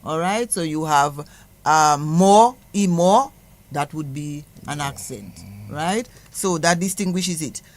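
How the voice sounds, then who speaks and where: A woman patiently explaining letter sounds on a radio show, repeating each example word slowly. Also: low voice. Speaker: guest language teacher. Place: radio studio.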